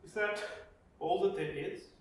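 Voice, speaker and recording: A man with an Australian accent preaching a reflective sermon as pastor, slow with dramatic pauses. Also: high voice. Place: church. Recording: echoey church, distant mic.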